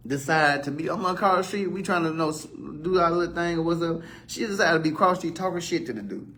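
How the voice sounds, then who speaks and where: A man's voice: on the high side, fast, slight background noise. A man in his thirties from Virginia, hosting a live talk show and rambling through street stories with lots of profanity. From Virginia, USA. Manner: rambling storytelling with profanity and animated quoted outbursts. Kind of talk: casual live-stream monologue.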